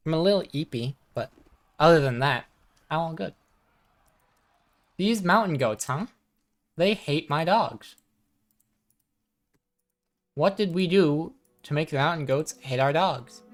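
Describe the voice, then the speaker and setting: A woman with a low, soft voice chats her way through a live game stream. She talks loosely and warmly to her chat, reading their messages aloud into a desk microphone. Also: lively intonation, a little slow, pauses often. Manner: chatty, soft-spoken, reads chat aloud. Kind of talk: casual live gaming chat.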